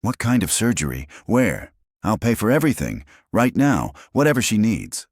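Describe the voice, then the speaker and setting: A man's voice: lowish voice, huge pitch swings, normal speed, no room sound, clean studio sound, voice pushed up. A man doing a pleading, shaken young father. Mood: urgent. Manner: hoarse, pleading.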